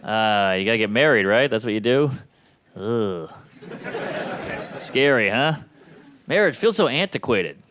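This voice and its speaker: A man performing a stand-up comedy set, delivering wry, deadpan punchlines to a live audience. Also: mid-range voice, a little slow, pauses often, a crowd in the background.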